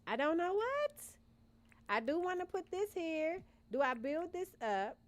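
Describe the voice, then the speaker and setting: A woman's voice: very high voice, sing-song, measured pace. A young woman, chatting casually with her live-stream viewers while she plays and thinks aloud. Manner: chatty, muses aloud, addresses chat as y'all. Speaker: gaming streamer. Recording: faint background game music.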